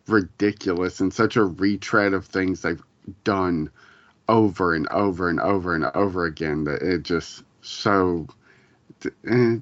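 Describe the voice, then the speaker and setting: A laid-back man co-hosting a casual podcast, wry and given to the odd curse. His voice is very deep. The recording is dull and lo-fi, with a dry sound. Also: fairly bright tone, no echo. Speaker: podcast co-host. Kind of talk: casual chat.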